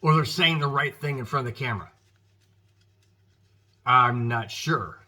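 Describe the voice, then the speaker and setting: A man's voice: mid-range voice, unhurried, pushed and bright. A man with an American accent hosting his own football show, giving emphatic, frustrated commentary and talking straight to his viewers. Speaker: sports podcast host.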